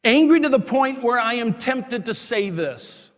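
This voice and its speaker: A man's voice: very high voice, expressive, measured pace. A man, a diocesan priest, delivering an impassioned, indignant sermon in a church. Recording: long church reverb.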